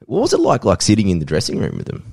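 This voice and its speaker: A deep-voiced Australian man in his late thirties hosts a relaxed sports chat, pitch swinging up when he asks questions. The sound is close and dry, with no room around it. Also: very fast, creaky, husky, dry recording. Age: late 30s. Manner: matey, laughs often. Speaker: podcast host. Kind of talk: casual interview.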